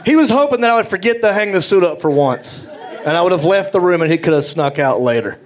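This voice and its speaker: A middle-aged man with a Southern US accent telling animated stand-up stories on stage, acting out the voices he quotes. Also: high-pitched, quick pace, crowd noise. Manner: animated, acts out voices, drawling. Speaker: stand-up comedian. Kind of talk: stand-up storytelling. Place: comedy stage. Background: audience laughter.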